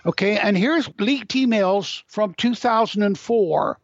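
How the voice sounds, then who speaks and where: An older man with a fairly high voice talks as an interview guest. He is wry and opinionated, spinning anecdotes. The recording sounds dull and lo-fi, with a dry, close quality. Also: measured pace, gravelly, no room sound. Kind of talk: interview conversation.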